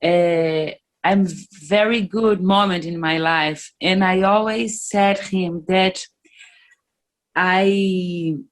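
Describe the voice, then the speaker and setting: Her voice is fairly low and steady as this musician, a native Portuguese speaker, gives a casual interview. She talks slowly and haltingly, candidly searching for English words.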